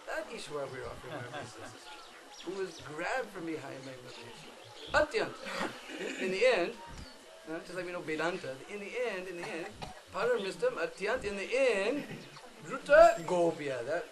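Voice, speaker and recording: A man telling a devotional story at an outdoor holy site in an animated, dramatic way, explaining chanted phrases. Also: high-pitched, normal speed. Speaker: pilgrimage speaker. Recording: outdoor crowd noise.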